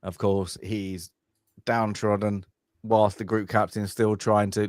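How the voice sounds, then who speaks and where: A man's voice: fairly low pitch, little pitch movement, measured pace, a little mellow, dry recording, studio quality. A man co-hosting a film club, chatting casually and rambling, often laughing and acting out lines from the film.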